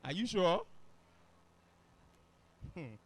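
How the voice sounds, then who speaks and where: A man's voice: high-pitched, very animated, extremely slow. A man teaching grammar to a classroom, often asking the students if they follow. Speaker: English teacher. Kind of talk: classroom lesson.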